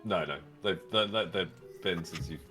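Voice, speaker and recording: Casting: male game master, lowish voice, relaxed, faint music bed. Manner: casual, laughing, quick rulings. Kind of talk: narrating a tabletop game.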